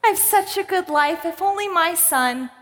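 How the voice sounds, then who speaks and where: A woman's voice: extremely high pitch, expressive, normal speed, fairly bright tone. A woman playing an overbearing, self-satisfied mother who scolds her son in a comedic church skit, speaking with indignant drama. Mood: indignant scolding. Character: overbearing, self-satisfied middle-aged mom. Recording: long hall reverb.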